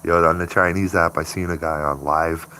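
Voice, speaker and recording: A man's voice: low-pitched, steady tone, moderate pace, pushed and bright, slight background noise. A man chatting casually on a morning live stream, rambling and laughing often. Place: home by a window.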